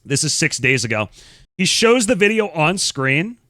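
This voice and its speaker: A man's voice: a little high, very animated, moderate pace, bright, forceful tone, no echo, studio quality. A man hosting a stream, reading and reacting in casual commentary, blunt and incredulous, swearing freely. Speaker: streamer host.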